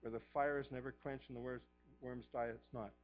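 A middle-aged man preaching a sermon as pastor, fervent, swinging from a hushed voice to shouting. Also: mid-range voice, flat delivery, brisk, dull audio, soft background music.

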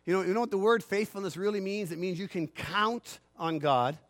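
A man pastor preaching a sermon, swinging from loud swells to quiet asides and acting out imagined voices. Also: high voice, fairly quick. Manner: acts out imagined phone calls in a grumbling aside voice.

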